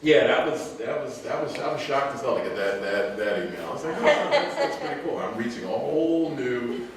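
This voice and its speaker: A man's voice: medium pitch, lively intonation, fairly quick. A man giving a casual, rambling talk to an audience, telling stories loosely and laughing often. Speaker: speaker telling travel stories. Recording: echoey room, mic far off, faint noise.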